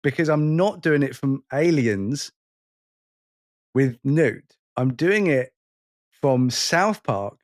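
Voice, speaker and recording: A man in his forties with a highish, animated voice talks slowly, leaving long pauses. Co-hosting a podcast, he chats casually and rambles with self-mockery, frequently restarting his sentences.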